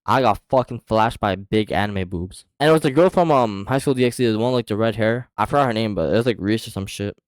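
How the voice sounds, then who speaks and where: A man's voice: fairly low pitch, fast, hardly any pauses, dry recording. A young man casually telling a storytime story to his viewers, slangy and profane, with lots of fillers.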